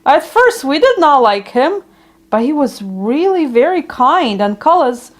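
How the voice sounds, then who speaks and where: Here a woman with a high voice reads a children's story, slowly savoring every phrase, and her pitch swings widely. The gentle, leisurely style suits a young audience.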